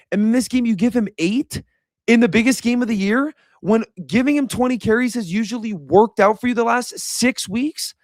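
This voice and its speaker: A man's voice: sits high, dry recording, studio quality. A young man giving a casual, frustrated reaction rant as a sports commentator, repeating himself as he vents.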